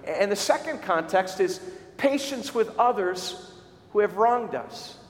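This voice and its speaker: A male pastor preaching a sermon, telling stories with animated shouts for emphasis. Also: sits high, measured pace. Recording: echoey hall recording.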